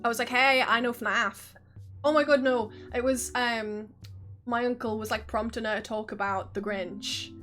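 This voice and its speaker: A woman's voice: a little high, steady tone, normal speed, faint music behind. A woman in her early twenties chatting casually on a live stream, telling stories with frequent laughs and swearing.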